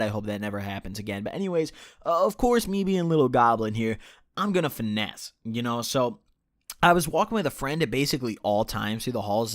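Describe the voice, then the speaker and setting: A late-teen young man chats casually over gameplay, telling a personal story in a rambling, profane way full of restarts and self-corrections. His voice is mid-range, and the recording is dry and studio quality.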